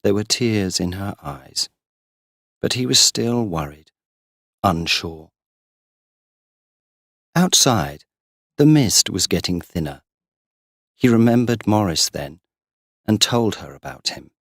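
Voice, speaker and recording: A man reading a simple story aloud for English learners, slow and deliberate. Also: fairly low pitch, lively intonation, a bit bright, no echo, studio quality. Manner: slow, deliberate, clearly paced. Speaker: audiobook narrator. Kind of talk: scripted narration for English learners.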